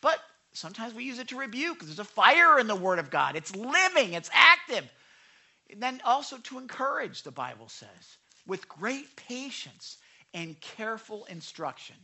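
A man preaching a sermon, animated and talking back and forth with his congregation, acting out quotes. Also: very high voice, normal speed, gravelly, slightly rough. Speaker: pastor.

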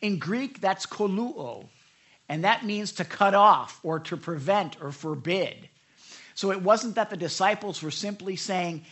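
Guy preaching a sermon, bright fairly high voice, chatty, jumps into quotes with his voice going way up. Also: unhurried. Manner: animated storytelling, acts out quotes with raised pitch; conversational, frequent restarts and asides to the audience. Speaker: pastor.

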